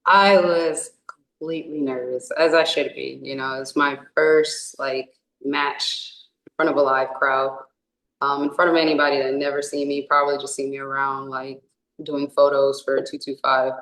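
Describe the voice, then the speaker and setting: Low, flat-voiced woman in an echoey room. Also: moderate pace. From California. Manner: rambling, many fillers and restarts. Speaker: indie wrestler. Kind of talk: casual interview answers.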